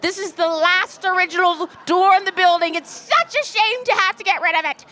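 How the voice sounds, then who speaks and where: A woman voicing a nosy, unhinged older landlady who talks in a drawn-out, meddling sing-song, live in a comedy club with the audience laughing. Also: extremely high pitch, pushed and bright, voice pushed up. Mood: lamenting. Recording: live club recording with crowd noise.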